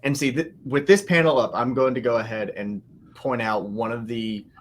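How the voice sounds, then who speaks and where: A man co-hosting a comic book podcast, talking casually with hesitant pauses. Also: medium pitch, steady tone, a little hiss or hum. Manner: hesitant, laughs while talking. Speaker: podcast co-host. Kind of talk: casual chat.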